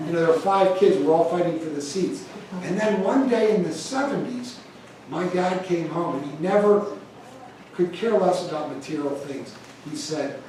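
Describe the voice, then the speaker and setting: A man's voice: sits high, normal speed, a little hiss or hum. A middle-aged American man giving a conversational church talk on stewardship, telling personal stories with growing animation. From United States. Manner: conversational, storytelling, animated when telling anecdotes. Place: large church hall. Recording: echoey church hall from far off.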